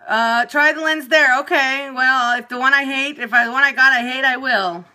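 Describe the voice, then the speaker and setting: A woman's voice: high voice, normal speed, pushed and bright. A woman venting casually and profanely to viewers on a phone livestream. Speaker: periscope broadcaster. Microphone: phone camera.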